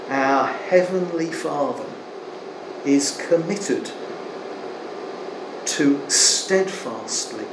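A man preaching a sermon in an earnest, emphatic way, slowing to stress key words. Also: mid-range voice. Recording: echoey room, faint air conditioning hum.

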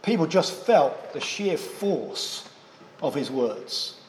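A man's voice: fairly high pitch, very animated, heavy background noise. Preaching man in an echoing hall. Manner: measured, with rhetorical questions to listeners. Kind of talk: sermon. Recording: echoey hall with long reverb.

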